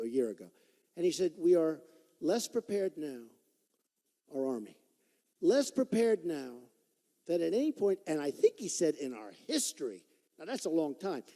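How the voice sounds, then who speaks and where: A man in his sixties delivers a campaign rally speech, his fairly high voice swinging widely in pitch. He talks in a repetitive, boastful, conversational way, and his mellow tone rings out with long reverb in a big hall. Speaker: political candidate at a rally. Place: large performing arts hall.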